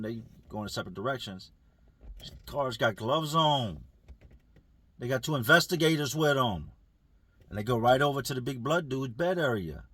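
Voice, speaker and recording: A man telling a prison story in casual street slang, lively and full of acted quotes. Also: mid-range voice, normal speed, pauses often, breathy edge. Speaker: storyteller recounting prison life.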